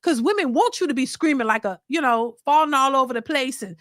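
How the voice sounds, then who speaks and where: A woman hosting a livestream, thanking viewers for super chats and giving blunt, animated opinions. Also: sits high, a little fast, dry recording, clean studio sound. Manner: blunt and animated, slipping into mocking voices. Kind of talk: casual opinion commentary.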